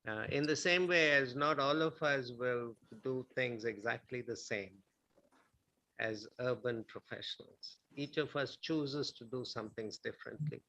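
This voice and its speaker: Calm, gravelly-voiced male lecturer. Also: mid-range voice, unhurried, rough recording. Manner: smooth and calm. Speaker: guest lecturer. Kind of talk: lecture answer to a question.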